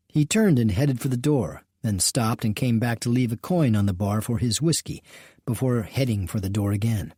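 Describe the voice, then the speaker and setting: A man narrating a western novel audiobook in a steady, even storytelling manner. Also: medium pitch, normal speed, slightly rough, no room sound, studio quality. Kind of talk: scripted narration.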